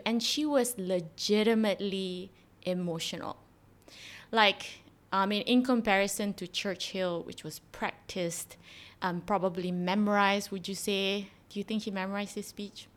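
A woman's voice: mid-range voice, normal speed. Chatty woman podcast host. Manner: chatty, animated retelling with frequent fillers. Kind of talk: casual conversational explanation.

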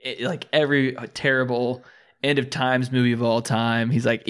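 A man's voice: medium pitch, flat delivery, moderate pace, a bit bright. A young man in casual podcast chat, laughing often and swearing while telling stories.

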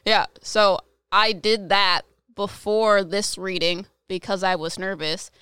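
A woman's voice: mid-range voice, fairly even intonation, bright, forceful tone, clear, resonant tone, no room sound, studio quality. A woman co-hosting a chat show as a psychic medium, telling a story in a chatty way, full of fillers. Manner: chatty, many "like" fillers, gets quicker when stressed. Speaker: podcast co-host, psychic medium.

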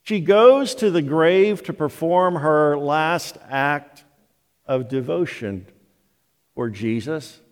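An older man preaching a sermon as pastor, telling the story slowly and deliberately. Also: fairly high pitch, lively intonation. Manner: slow, deliberate storytelling delivery. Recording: long hall reverb of a church.

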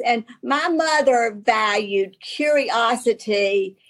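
A woman with a Southern US accent, an author guest telling stories in halting talk with many restarts and laughs. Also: a little high. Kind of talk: casual storytelling talk.

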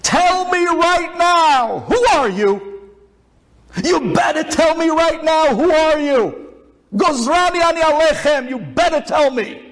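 A man voicing a furious old male town rabbi who shouts and demands answers. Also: very high-pitched, animated, slow pace, pitched above the performer's own voice, full character voice, rough recording. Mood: shouting.

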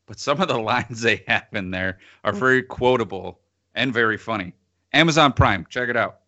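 Bright, dry-voiced man with a sardonic laugh. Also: mid-range voice, moderate pace, dry recording, lo-fi sound. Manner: laughs between phrases, sardonic. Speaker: podcast co-host reviewing films. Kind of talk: casual chat.

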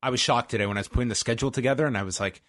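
A man's voice: mid-range voice, very fast, fairly bright tone. A man co-hosting a podcast, telling rambling, jokey stories in casual chat. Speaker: podcast co-host.

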